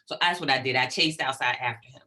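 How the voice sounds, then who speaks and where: A middle-aged woman, a psychologist guest in an interview, talking in an animated, emphatic way and checking in often with "right?". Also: very deep voice, quick pace. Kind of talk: conversational interview.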